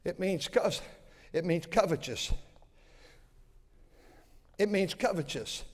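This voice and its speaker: A man's voice: high-pitched, expressive, slow pace. A male pastor preaching a sermon in an emphatic, repetitive style with folksy asides to his congregation. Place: church sanctuary. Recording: long church hall reverb.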